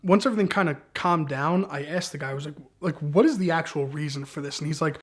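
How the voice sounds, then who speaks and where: Animated young guy telling a story. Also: on the high side, fast talker, hardly any pauses. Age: young adult. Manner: animated, acts out the cops' shouting in quoted lines. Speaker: guest storyteller. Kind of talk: casual storytelling.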